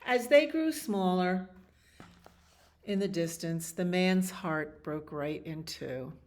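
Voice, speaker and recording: A woman librarian reading a picture book aloud to children, expressive, with animal sounds and little asides. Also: fairly low pitch, slow pace.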